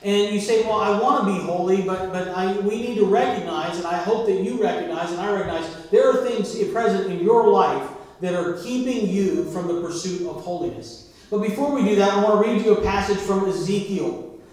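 Male pastor, higher voice, preaching and quizzing the congregation; distant mic in a booming hall. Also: normal speed, darkish tone. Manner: preaching with call-and-response questions to the congregation. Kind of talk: sermon. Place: church sanctuary. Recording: very echoey church from far off.

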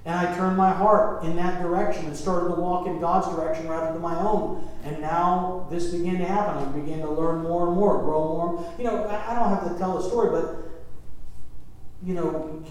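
A man's voice: sits high, fairly even intonation, moderate pace, slight background noise. A man in his fifties preaching a sermon as pastor, conversational, with asides and questions to the congregation. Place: church sanctuary. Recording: very echoey church room.

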